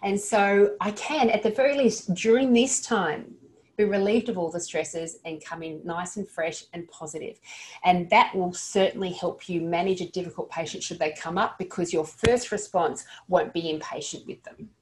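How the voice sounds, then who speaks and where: A woman's voice: lowish voice, steady tone, moderate pace, darkish tone. A woman giving an earnest, practical lesson to dental practice staff, sometimes stumbling and restarting her sentences. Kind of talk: instructional talk to dental staff.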